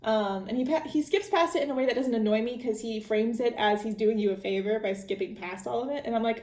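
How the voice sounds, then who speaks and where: A woman's voice: on the high side, a little fast, darkish tone, roomy sound. A woman podcast host recapping a book in a casual, chatty way, often restarting her sentences. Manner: chatty storytelling with frequent restarts and laughs.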